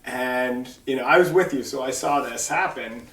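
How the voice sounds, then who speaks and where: A man's voice: mid-range voice, moderate pace. Middle-aged new guy telling family stories, wry, kinda far from the mic in a roomy space. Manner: relaxed, wry storyteller who trails off and laughs. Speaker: son interviewing his mother. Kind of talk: casual family storytelling.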